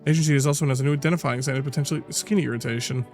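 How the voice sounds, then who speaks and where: A man reading a TV news anchor's lines aloud in a brisk, formal broadcast manner. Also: mid-range voice, steady tone, darkish tone, faint music behind, lightly acted.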